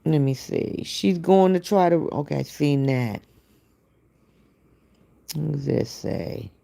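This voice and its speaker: Speaking in a low, expressive voice with vocal fry and a dark tone, this livestream host answers chat comments and gossips. She's slow, casual, and opinionated, often responding directly to the people in chat.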